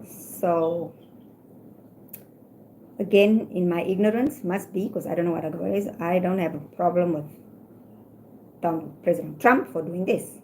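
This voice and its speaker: A woman's voice: on the low side, steady tone, a little slow, pauses often, dark tone, slight background noise, low-quality recording. A woman from Africa, chatting candidly at home on a livestream and stressing her opinions as she reasons them out. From South Africa. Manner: candid, emphatic, talks through her reasoning. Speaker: livestream host. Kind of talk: opinionated casual livestream chat.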